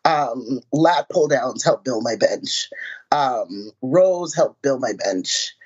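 A woman powerlifter talking in a casual interview, animated and self-mocking, laughing as she tells stories. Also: very deep voice, slow pace, slightly rough. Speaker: powerlifter guest. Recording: muffled lo-fi audio.

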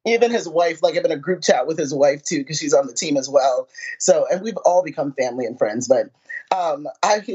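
A woman powerlifter talking in a casual interview, animated and self-mocking, laughing as she tells stories. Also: lowish voice, normal speed, slightly rough. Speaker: powerlifter guest. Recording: muffled lo-fi audio.

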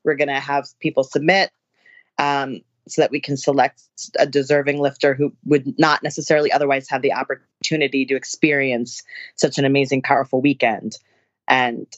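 A woman powerlifter, a guest in a casual interview, telling stories excitedly with laughs and acted-out quotes. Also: rumbling low, fairly quick, no echo, lo-fi sound. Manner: excitable, laughing storyteller, acts out others' voices.

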